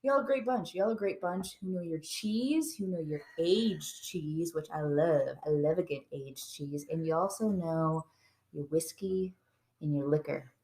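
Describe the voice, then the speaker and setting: Woman host, lowish voice, loose and jokey, casual chat. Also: unhurried, warm tone. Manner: playful, swearing, laughing. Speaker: podcast host.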